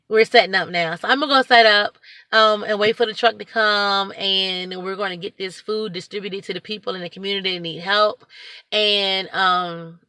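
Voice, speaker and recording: Woman, chatty, excitable, rambling, bright tense voice, dry sound. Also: mid-range voice, normal speed, no room sound. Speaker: vlogger and food pantry volunteer. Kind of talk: casual talk to camera. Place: food pantry at a local church.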